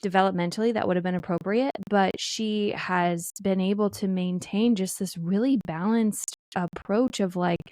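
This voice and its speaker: A woman's voice: mid-range voice, steady tone, normal speed, hardly any pauses, darkish tone, no echo. A woman in her thirties co-hosting a casual family podcast, chatting and telling stories about her kids, mimicking what they say. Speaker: podcast co-host.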